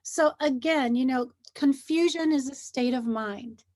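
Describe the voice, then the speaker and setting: Speaking a little slowly in a high voice, a middle-aged woman guest, who practices hypnosis, earnestly walks through feelings in a casual conversation. She's animated, voicing what people tell themselves as she goes.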